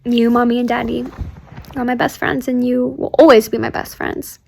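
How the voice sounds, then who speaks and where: Soft-spoken young woman's heartfelt video diary. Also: on the high side, little pitch movement, normal speed, gravelly, slight background noise. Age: young adult. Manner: heartfelt and rambling, full of "like" and "um", often softening to near whispers. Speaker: church staff member recording a video diary. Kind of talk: personal video diary to her sister. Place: at home on a couch.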